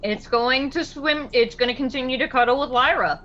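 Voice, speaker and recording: A woman's voice: high-pitched, moderate pace, a bit bright, dull audio, slight background noise. A woman running a tabletop role-playing game as game master, narrating casually. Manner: casual, with laughs.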